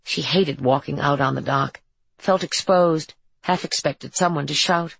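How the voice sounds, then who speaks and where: Woman audiobook narrator, steady, even read, husky low voice, dry booth sound. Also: unhurried, no room sound, rough recording. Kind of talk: scripted narration.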